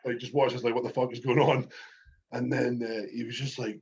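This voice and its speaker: A Scottish man co-hosts a casual podcast and tells animated backstage stories full of swearing. His voice sits at a middling pitch. The recording sounds a little dull and lo-fi. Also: fairly quick. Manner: swears freely, animated storytelling. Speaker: podcast co-host. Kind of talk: casual chat.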